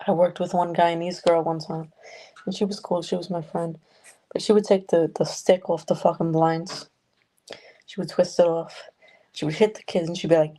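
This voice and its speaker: A woman's voice: on the low side, mellow, poor audio. A woman hosting a loose, rambling livestream chat from her home, talking casually with viewers and swearing freely. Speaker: livestream host. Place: home room with a noisy fish tank.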